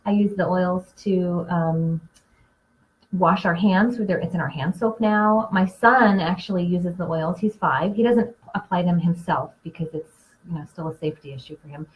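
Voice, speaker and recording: A woman's voice: fairly low pitch, normal speed. Chatty woman hosting a lo-fi live class. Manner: chatty storyteller, animated when telling anecdotes. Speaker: essential oils class host and Reiki practitioner. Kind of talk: casual live class talk.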